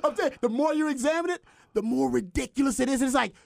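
A man co-hosting a casual sports podcast, animated and exclaiming in disbelief. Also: very high voice, fast talker, creaky, no echo, clean studio sound. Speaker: podcast co-host.

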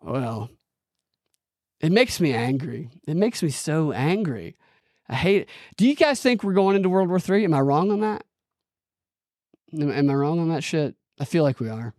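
A man talks close to the mic in a dry, deadened space, his voice sitting a touch higher than most men's. He hosts a live political podcast and rants in a heated, profane, rambling way, with restarts and bursts of laughter. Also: very animated, normal speed, pauses often, darkish tone, no echo. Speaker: podcast host. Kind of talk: live-streamed political commentary rant.

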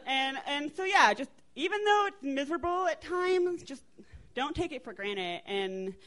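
Her voice sits high and unhurried as she spins a humorous story about her family for a live audience. She's an American woman in her twenties, animated and chatty, laughing and dropping swear words throughout.

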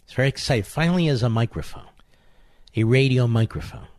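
A man rants on talk radio in a combative monologue, mocking his targets and hammering the same insults again and again. His voice sits at an ordinary middle pitch. It is recorded close and dry in a studio, with no room sound. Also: quick pace, a little mellow, no echo. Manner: mocking, sarcastic, repeats insults for emphasis. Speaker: radio talk show host. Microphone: studio microphone.

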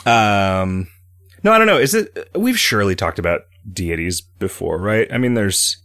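A man's voice: fairly low pitch, big pitch swings, normal speed, a bit bright, dry recording, studio quality. A man hosting a casual podcast, rambling as he reads listener questions aloud and talks through ideas. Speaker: podcast host and game developer.

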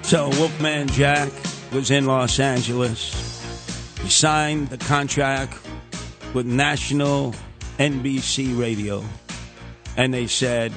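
A man's voice: fairly even intonation, takes it slowly. A man tells a radio story in a big theatrical way. His voice swoops up and down as he takes on the people in the tale. A faint music bed plays under him. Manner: bombastic, theatrical, acts out quoted voices with big pitch jumps. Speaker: radio talk show host.

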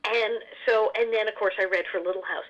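A woman with a bright, forceful voice tells stories in a quick, animated way, breaking into laughter often. She sounds like a guest chatting casually in an interview. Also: mid-range voice, lo-fi sound. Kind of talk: casual storytelling chat.

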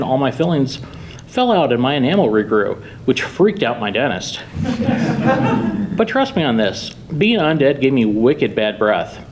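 A man reading his own short story aloud at a live reading, with wry, deadpan humor. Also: medium pitch, slight background noise, poor audio. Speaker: author reading own fiction.

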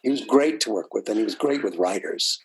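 A man as a podcast guest, telling stories in a lively way. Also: on the low side, fairly quick, breathy edge. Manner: animated, voices people when quoting them. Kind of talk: podcast interview storytelling.

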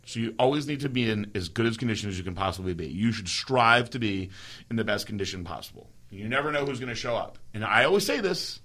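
Man, animated storyteller, bright edgy tone, casual profane chat, does quick voices of others. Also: lowish voice. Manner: animated storyteller, swears freely, mimics others. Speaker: podcast co-host.

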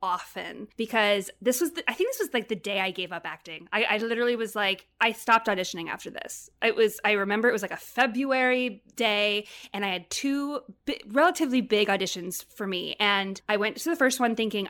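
A young adult woman telling stories in casual chat, animated and acting out the dialogue she quotes. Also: medium pitch, a little fast, hardly any pauses.

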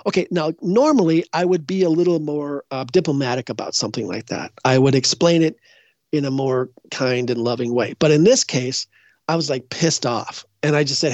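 A man's voice: on the high side, moderate pace, darkish tone, no room sound. An older man from Minnesota, a guest psychic rambling through stories in casual interview talk, restarting his sentences often. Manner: rambling, with many restarts and fillers. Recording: dull, dry lo-fi sound.

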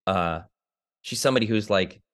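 A man with a fairly low voice, chatting as an interview guest from New Jersey. He tells his backstage stories with energy and slips into other people's voices as he quotes them. He sounds like a middle-aged Broadway actor at ease. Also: normal speed. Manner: animated storytelling, acts out quoted voices. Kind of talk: conversational interview.

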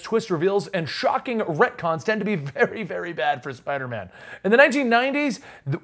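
Male comics podcast host, high animated voice, teasing and chatty. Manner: playful teasing, reads list aloud. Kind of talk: casual comics podcast chat.

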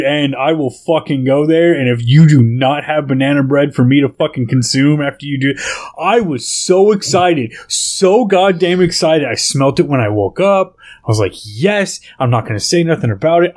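A man in his thirties co-hosting a gaming podcast, swearing a lot as he tells animated stories in casual chat. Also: on the high side. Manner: profane, animated storytelling. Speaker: podcast co-host.

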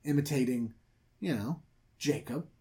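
Guy on a comedy podcast riffing through a story, goofy and lively. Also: medium pitch, a little slow. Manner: animated, slips into silly character voices. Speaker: podcast host retelling a Bible story.

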